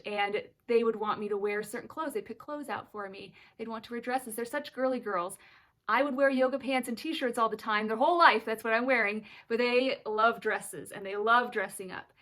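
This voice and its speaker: A woman's voice: on the high side, normal speed, fairly bright tone. Earnest, emotional young mother. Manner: earnest and emotional, close to tears at times. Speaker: mother of twin daughters sharing her story. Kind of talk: personal vlog, candid storytelling.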